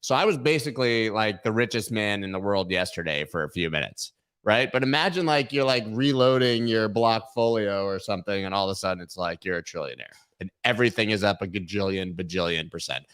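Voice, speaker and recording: Animated and a little fast, a man with a lowish, bit-bright voice that is clear and resonant hosts a crypto news livestream. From his seat at the webcam he chats casually with viewers, joking and riffing playfully on silly bits.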